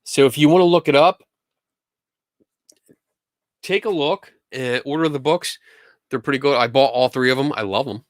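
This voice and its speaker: A man's voice: mid-range voice, normal speed, long pauses, no room sound. Upbeat man chatting on a livestream, dry sound. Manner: upbeat and enthusiastic, chatty with frequent restarts. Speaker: host of a live Q&A stream. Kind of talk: casual livestream chat.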